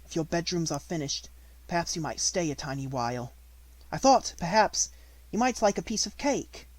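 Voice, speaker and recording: A man voicing a kind little girl who speaks softly with a lifted, lilting tone. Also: on the high side, lively intonation, normal speed, no room sound, voice pushed up. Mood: gentle. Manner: soft, lilting, kindly.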